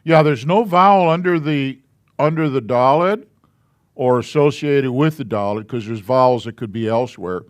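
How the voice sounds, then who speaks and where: A man's voice: mid-range voice, normal speed, no room sound, studio quality. A man teaching a Hebrew alphabet class in a church classroom, patiently explaining letters and syllables step by step.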